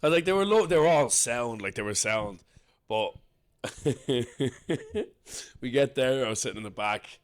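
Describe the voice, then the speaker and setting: A young man, a podcast co-host and comedian, joking and swearing in quick casual banter. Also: mid-range voice, animated. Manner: jokey, swears a lot, quick asides.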